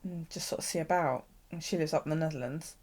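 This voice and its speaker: This chatty British livestreamer rambles from her home craft desk, cursing casually and filling her talk with ums and laughter. She speaks fast in a low, slightly mellow voice that has a touch of roughness.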